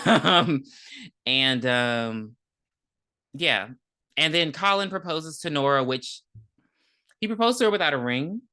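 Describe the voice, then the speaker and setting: A woman co-hosting a podcast recaps a TV episode in a chatty, slangy way, laughing frequently. Her voice is low-pitched and sharp with lively intonation, and she speaks slowly with long pauses.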